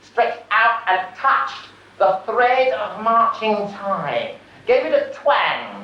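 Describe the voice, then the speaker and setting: A man telling a wild, visionary story as a monologue, chanting refrains and bursting into shouts, on an archive stage recording. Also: high-pitched, sing-song, slow pace, distant mic, slight background noise. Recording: dull, roomy live recording from off-mic.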